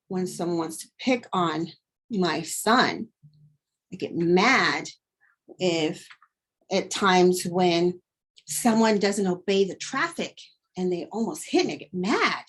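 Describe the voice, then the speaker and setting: A woman teacher modeling a vocabulary lesson, acting out feelings in her examples and then explaining her method. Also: mid-range voice. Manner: expressive, acts out emotions in examples, slow deliberate delivery. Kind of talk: teacher demonstration.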